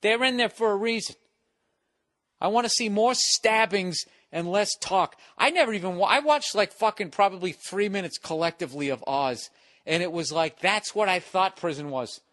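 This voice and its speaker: A man's voice: high voice, moderate pace, a bit bright, no room sound. A man hosting a podcast from his home, delivering a profane, exasperated solo rant. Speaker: podcast host. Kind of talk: solo ranting monologue.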